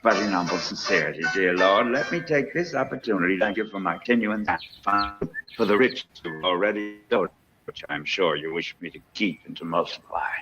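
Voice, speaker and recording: In a dubbed film, an actor plays a smug, self-righteous plantation owner praying aloud in a self-satisfied, preachy way, lightly acted. His voice sits low and moves fairly quickly over music, and the film audio is dull, lo-fi and noisy.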